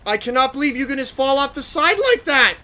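A gamer giving excitable, swear-filled commentary while playing, with loud outbursts. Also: high voice, fairly quick, a little hiss or hum. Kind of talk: gameplay commentary.

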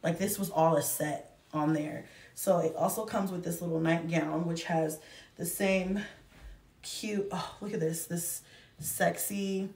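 A woman's voice: lowish voice, steady tone, a little slow, a little mellow, far from the mic. An effusive woman in her thirties chats to camera about a shopping haul, calling out to viewers as y'all. Her voice bounces around an echoey room and sits a little back from the mic. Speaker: vlogger reviewing a shopping haul. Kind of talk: casual chat to camera.

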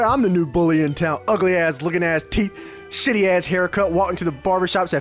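A gaming YouTuber with a high, expressive voice talks briskly through a loose let's-play, brashly trash-talking and cursing at the game's characters. Faint music plays behind him.

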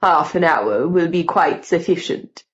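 A woman voicing a slow, scheming old count. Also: deep voice, lively intonation, lo-fi sound, voice pushed down. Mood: grandly scheming. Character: old aristocratic male count, smooth and scheming.

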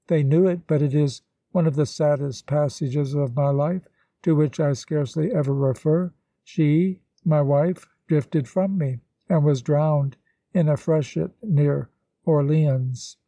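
A man reading the lines of a grave, sorrowful gentleman in a storybook, in a measured and solemn way. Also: fairly high pitch, fairly even intonation, no room sound. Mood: tender.

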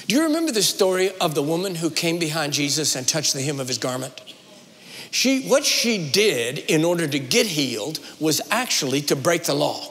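A man preaching a sermon in a large church, building emphatic runs and slowing down for weight. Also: a little high, a bit bright. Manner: dramatic preaching with rising emphatic runs and slowed pauses. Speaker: guest preacher. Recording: long reverb of a large hall.

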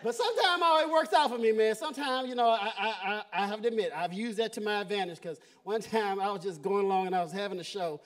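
Male stand-up, high-pitched, animated storyteller, live stage mic. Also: fast, hardly any pauses, a little hiss or hum. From Southern US. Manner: animated storytelling, laughs at own jokes. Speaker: stand-up comedian. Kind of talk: stand-up comedy set. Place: comedy stage before a live audience.

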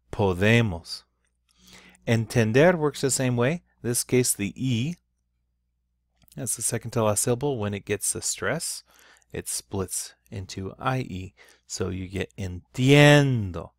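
A man's voice: fairly low pitch, gravelly, dry recording, clean studio sound. A middle-aged man teaching a recorded online Spanish lesson, explaining patiently with repeats and restarts and stressing key sounds.

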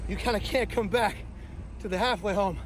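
A man speaker telling a comedic personal story in a punchy, animated way with profane asides. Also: sits high, normal speed, noisy background. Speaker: motivational speaker.

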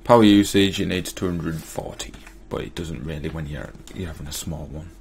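Male gamer, casual commentary, deep fry-heavy voice, talks to himself while playing. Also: a little fast, a little mellow, a little hiss or hum. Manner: muttering to himself, mildly exasperated. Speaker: gaming YouTuber. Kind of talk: casual Let's Play commentary.

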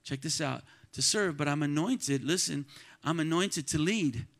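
A man preaching a sermon to his church congregation, calling out to the crowd and swinging between quiet talk and loud shouts. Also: on the high side, measured pace, gravelly. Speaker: pastor. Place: church sanctuary.

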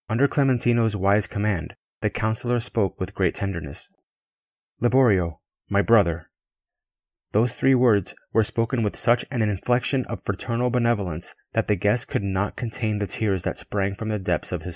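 A man giving a steady, earnest, measured audiobook narration. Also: on the low side, dry recording. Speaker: audiobook reader.

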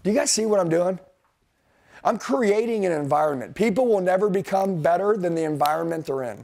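A man's voice: high voice, expressive, a little fast, a little mellow. A middle-aged man giving a blunt, intense motivational sales training to a group, talking straight at the room.

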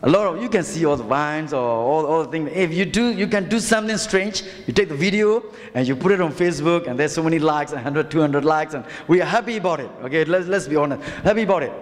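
A man's voice: on the high side, fast talker, hardly any pauses. A man with a Burmese accent, a pastor preaching an impassioned sermon full of rhetorical questions and calls to the congregation. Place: church hall. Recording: reverberant church hall.

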